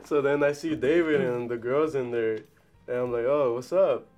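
A man's voice: mid-range voice, moderate pace. A young man telling a story in casual chat, laughing often and swearing. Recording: loud music underneath.

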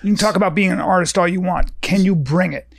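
A man's voice: sits high, quick pace, vocal fry, dry recording, studio quality. A man hosting a podcast, speaking in a blunt, emphatic casual chat with swearing. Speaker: podcast host.

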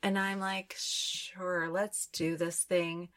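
A woman hosting a podcast, describing inner visions in a slow, dreamy channeling session. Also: fairly low pitch, little pitch movement, fairly bright tone. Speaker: podcast host.

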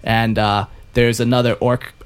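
A man's voice: medium pitch, flat delivery, a little slow, clean tone. Laughing, rambling man telling game lore. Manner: rambling, laughs often, lots of fillers. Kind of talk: casual chat about game lore.

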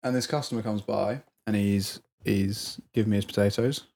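A man, co-hosting a podcast and telling a work story in a casual, animated way, laughing often and mimicking the people in it. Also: on the low side, normal speed, creaky, noisy background. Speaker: podcast co-host.

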